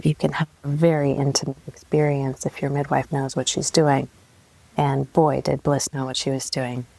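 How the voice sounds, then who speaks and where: With a rumbling low voice and vocal fry, this young adult podcast host tells a frank personal story at a moderate pace. She's animated, curses bluntly, and laughs at herself.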